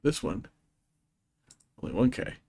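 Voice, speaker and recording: A man's voice: measured pace, warm tone. A young man streaming a game, making wry, self-mocking asides to his chat in casual commentary.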